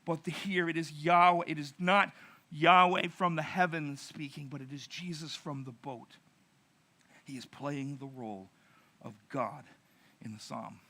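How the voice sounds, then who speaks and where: A middle-aged pastor telling a narrative sermon, acting out quotes with dramatic pauses. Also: male voice, fairly high pitch, fairly even intonation, sharp tone.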